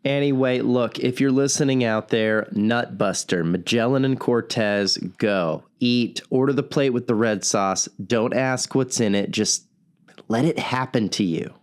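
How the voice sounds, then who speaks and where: An actor playing a broke, self-deprecating late-night radio host who laughs at himself. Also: male voice, medium pitch, a little slow, natural voice.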